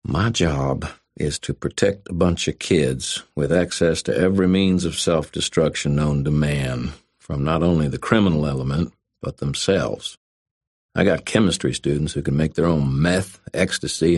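A man voicing a big, calm rural campus police officer who speaks in a slow drawl. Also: a bass voice, slightly rough, no echo, clean studio sound, full character voice. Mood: steady.

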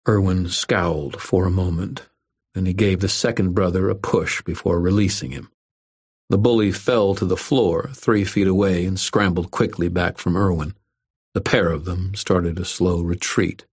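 A man narrates a first-person fantasy story at a steady, measured pace. His voice is very deep with a husky, slightly rough texture. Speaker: audiobook narrator.

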